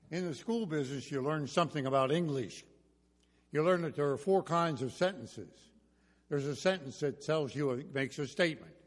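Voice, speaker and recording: An older man delivers a sermon with a storyteller's touch, mixing homespun anecdotes and light humor. His voice sits in the middle of the male range. The church hall adds a long, ringing reverb. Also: mid-range voice. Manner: folksy storytelling with jokes. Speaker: pastor. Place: church sanctuary.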